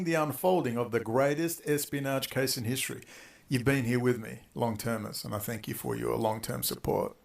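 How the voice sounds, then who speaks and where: Man, mid-pitched and gravelly, delivering a rambling furious rant full of swearing. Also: fairly quick. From Australia. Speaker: online video maker. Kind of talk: profane angry rant.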